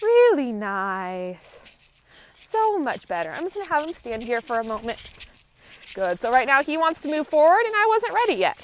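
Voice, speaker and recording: A woman horse trainer working a horse outdoors, explaining each step in a calm, steady, instructive way. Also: high-pitched, moderate pace, a little hiss or hum. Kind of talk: live training commentary.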